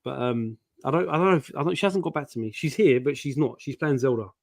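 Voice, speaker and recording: A man's voice: mid-range voice, quick pace, creaky, no room sound, studio quality. A man chatting casually as co-host of a live stream, jokey and rambling with many restarts.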